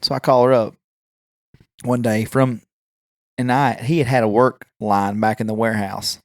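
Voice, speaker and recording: A man's voice: medium pitch, fairly even intonation, normal speed, a little mellow, no room sound. A man, co-hosting a podcast and telling a prank-call story in casual chat, often laughing. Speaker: podcast co-host.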